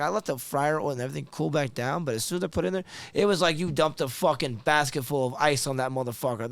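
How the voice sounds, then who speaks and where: A man's voice: fairly high pitch, smooth, dry recording. Swearing, slangy man telling stories. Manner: animated storyteller, heavy swearing, slangy. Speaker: podcast co-host, cook. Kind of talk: casual chat.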